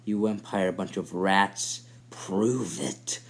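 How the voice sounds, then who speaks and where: A man voicing a defiant townswoman, a mother who yells and spits her words. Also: deep voice, steady tone, slow pace, creaky, heavily acted. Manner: defiant, yelling.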